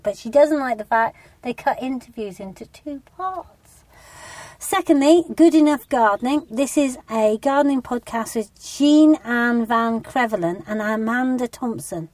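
A British woman co-hosting a podcast, chatty and bubbly with quick asides. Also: on the high side, a little mellow, no room sound. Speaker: podcast co-host. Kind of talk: casual chat.

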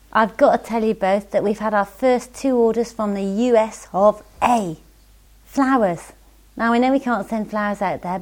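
A woman hosting a casual podcast, chatty and giggly, reading out listener emails. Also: medium pitch. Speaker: podcast host.

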